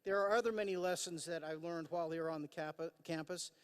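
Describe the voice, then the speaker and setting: Speaking at a podium mic, this Idaho commencement speaker in his fifties has a voice on the high side, smooth and steady in tone at a quick pace. His formal address is earnest, peppered with "uh" fillers and dry jokes at his own expense, and the hall adds a long reverb.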